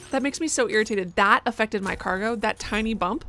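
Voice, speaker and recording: A woman's voice: medium pitch, expressive, brisk, hardly any pauses, pushed and bright, faint music behind. Chatty young woman streaming a game. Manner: exasperated, chatty, talks back to the game. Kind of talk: casual gameplay commentary. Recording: noticeable background noise.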